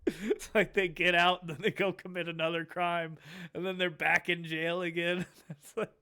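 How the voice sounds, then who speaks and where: A man's voice: sits high, little pitch movement, normal speed, bright, forceful tone, clear, resonant tone. A man streaming a casual reaction, laid-back, swearing a lot and laughing often.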